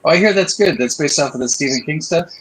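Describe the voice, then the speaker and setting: Easygoing husky man telling anecdotes. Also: fairly high pitch, expressive, fast talker, fairly bright tone, rough recording. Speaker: artist co-host. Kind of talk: casual storytelling chat.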